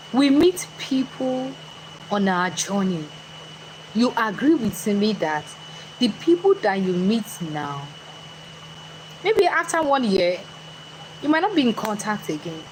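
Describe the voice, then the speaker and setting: A woman's voice: medium pitch, slight background noise, rough recording. A woman giving a chatty motivational talk, questioning her live audience directly. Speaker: motivational speaker.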